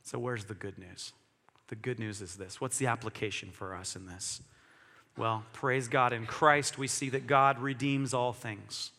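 Animated bright-voiced male pastor in a hall. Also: medium pitch, measured pace, vocal fry. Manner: animated storytelling with acted-out dialogue. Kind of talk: sermon. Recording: long hall reverb.

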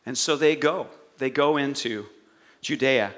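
A male pastor preaching a sermon, telling the story with animated energy and jokey asides. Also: mid-range voice, measured pace.

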